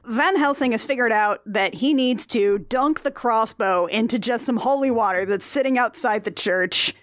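Animated woman recapping a film, dry close sound. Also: a little high, moderate pace, no echo. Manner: animated, hams up quoted lines with big mock voices. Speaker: podcast co-host. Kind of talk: casual movie recap chat.

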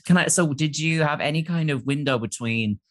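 A man's voice: a little high, brisk, fairly bright tone. An Irish man in casual chat, playful and teasing with jokey asides. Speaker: podcast guest.

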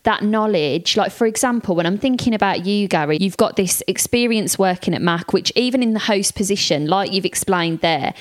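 A woman hosting a casual chat, telling stories in a measured way. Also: medium pitch. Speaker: host.

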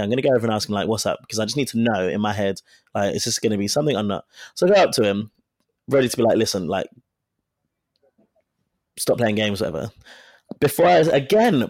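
A man's voice: on the low side, a little mellow, no room sound. A man chatting casually, telling a story frankly and acting out the dialogue as he goes. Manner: frank and profane. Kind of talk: casual chat.

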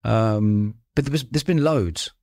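A man with a lowish voice recounts stories in a relaxed podcast conversation. He bounces between his own voice and animated impressions of the people in his tales, laughing as he goes. The sound is dry and close. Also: a little slow, no echo. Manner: animated anecdotes, acts out quoted voices, laughs often. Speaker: podcast host. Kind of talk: casual storytelling chat.

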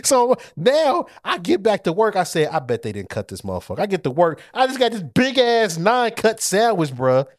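A male podcast co-host telling a rambling story in loose, profane chat. His pitch swings a lot, rising high as he gets worked up. His voice sits a little above average for a man. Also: normal speed, few pauses, no room sound, studio quality. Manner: animated, profane, laughs while telling stories.

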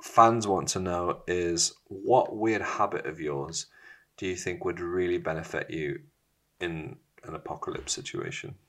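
Man, host, casual chat, teasing, laughs a lot, very low voice. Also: unhurried, fairly bright tone.

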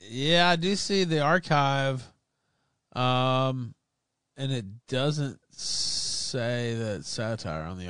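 A man hosting a casual podcast, talking in a profane, excitable, sarcastic way. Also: mid-range voice, clean tone, dry recording, studio quality. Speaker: podcast host. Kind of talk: casual live-stream commentary.

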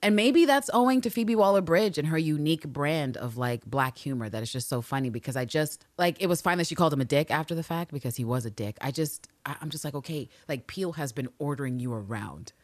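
A low-pitched woman recaps with fierce, profane energy, her voice jumping between shouted outrage and quiet grumbling. The sound is dry and close to the mic, with no room around it. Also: fast talker, hardly any pauses, no echo. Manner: animated, profane, swings between loud rants and low asides. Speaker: podcast co-host. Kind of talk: casual chat recap.

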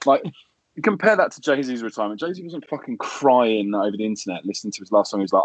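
A man co-hosting a podcast, chatting in a sweary, animated way and laughing as he talks. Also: medium pitch, fast, no room sound, rough recording. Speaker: podcast co-host. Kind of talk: casual chat.

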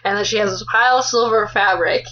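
A woman joining as guest co-host on a casual book podcast, agreeable and animated in her reactions. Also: mid-range voice, fast talker, muffled recording.

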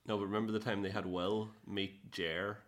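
A man's voice: on the low side, little pitch movement, moderate pace, fairly bright tone. An Irish man co-hosting a podcast in casual chat, laughing as he talks. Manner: chatty, laughing often. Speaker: podcast co-host.

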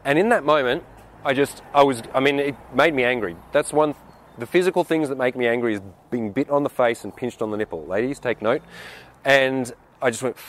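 A man's voice: medium pitch, fairly quick. A man coaching viewers on dating, talking bluntly and swearing freely. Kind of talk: advice monologue answering a viewer question.

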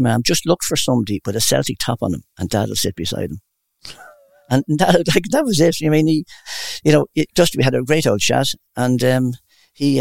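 Brief: older male interviewee, fast and gravelly, dry close sound, anecdotal rambler. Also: mid-range voice, no echo. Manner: rambling, warm anecdotal storyteller. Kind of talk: casual storytelling.

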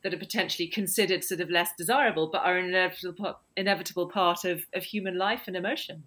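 A woman hosting a podcast, asking reflective questions in a relaxed conversational interview. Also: lowish voice, fast. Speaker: podcast host.

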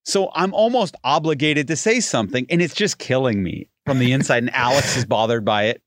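A man's voice: mid-range voice, fairly quick, no echo, studio quality. A man co-hosting a podcast, reacting to his partner and telling his own story in casual chat. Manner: chatty, reactive, tells his own anecdote. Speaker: podcast co-host.

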